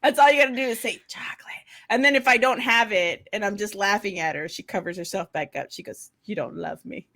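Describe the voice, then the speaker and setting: A woman's voice: medium pitch, fast talker, few pauses, fairly bright tone. A middle-aged woman and mother co-hosting a casual chat, blunt, swearing freely and laughing often. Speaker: podcast co-host, mother.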